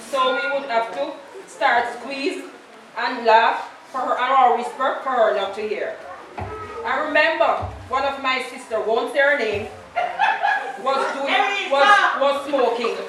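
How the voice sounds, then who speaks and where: Jamaican woman, 50s, eulogy, fairly high voice, very echoey church, distant mic. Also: background noise. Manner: anecdotal storytelling, slips into patois quotes. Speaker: eulogist, daughter of the deceased. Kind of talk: funeral eulogy. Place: large church.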